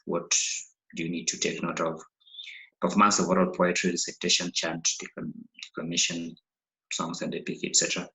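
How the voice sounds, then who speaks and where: A male English teacher runs through exam topics one short phrase at a time. His voice sits low, with a gravelly fry. He keeps an even, flat delivery throughout the revision lesson. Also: poor audio. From Kenya.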